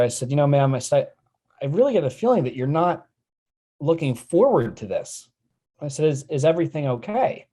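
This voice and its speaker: A man's voice: medium pitch, warm tone. A man telling a personal sales story as an interview guest, earnestly acting out the quoted dialogue.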